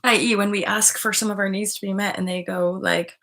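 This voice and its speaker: A young woman hosting a tarot livestream, chatting candidly and swearing freely as she reads out viewer comments and retells her own experiences with sudden loud outbursts. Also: mid-range voice, steady tone, brisk, hardly any pauses. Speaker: livestream host reading tarot. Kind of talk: casual livestream chat.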